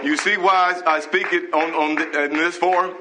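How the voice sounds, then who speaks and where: A man's voice: a little high, steady tone, moderate pace, crowd noise. A man preaching a fervent, scolding sermon on a live broadcast, reading scripture and breaking into hallelujahs. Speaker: pastor.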